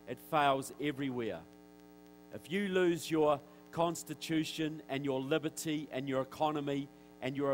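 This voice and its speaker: A man with a New Zealand accent giving a direct, forceful speech to an audience in a church, with wry asides. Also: mid-range voice, a little hiss or hum, poor audio. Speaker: guest speaker. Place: church hall.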